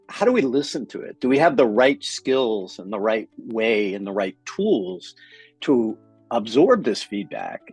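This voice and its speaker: A man co-hosting a casual business podcast, telling stories in an animated way and acting out the lines of the people he quotes. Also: medium pitch, breathy edge, no room sound. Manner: animated storyteller, acts out quotes, swears casually. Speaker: podcast co-host.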